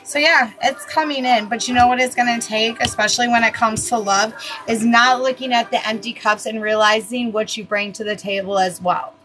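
A woman's voice: fairly high pitch, steady tone, moderate pace, a bit bright, rough recording. A woman giving casual live tarot readings, talking bluntly and chattily, swearing freely and laughing at herself. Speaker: tarot reader.

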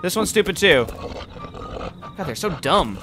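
A young man giving casual commentary while playing a video game, excitable and quick to yell and taunt the animals he fights. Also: high-pitched, over music. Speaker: gameplay commentator. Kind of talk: casual let's-play commentary.

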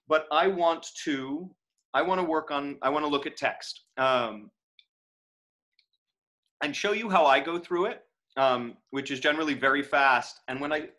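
A man giving a relaxed, conversational lecture to students, with frequent fillers and self-corrections. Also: a little high.

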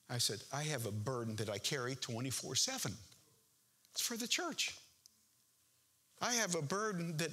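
A man's voice: mid-range voice, animated, moderate pace, sharp tone, breathy edge. A man preaching a sermon as pastor in a church, earnest and impassioned, building to emphatic peaks.

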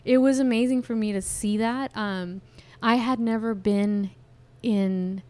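A woman's voice: on the high side, steady tone, unhurried, a little mellow, clean tone. A woman hosting a podcast, chatting casually and recalling past concerts with a self-teasing manner. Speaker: podcast host. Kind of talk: casual chat.

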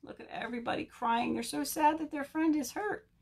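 A woman librarian leading a virtual story time, reading a picture book aloud and chatting to young children in an animated way. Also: high voice, vocal fry. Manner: animated, slow, talks to children.

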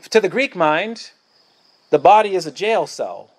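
Emphatic, fairly high-voiced male pastor preaching. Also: big pitch swings, unhurried. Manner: emphatic, repetitive, declamatory. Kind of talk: sermon. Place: outdoors at a church picnic.

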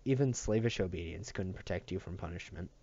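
A man reading a novel aloud in a steady, even narration. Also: sits low, brisk, dull audio. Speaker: audiobook reader.

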